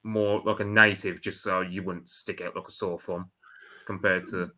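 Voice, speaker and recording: A man's voice: low-pitched, level tone, normal speed, bright, forceful tone. A man with a strong Birmingham accent, a guest in a casual chat, talking hesitantly with many restarts.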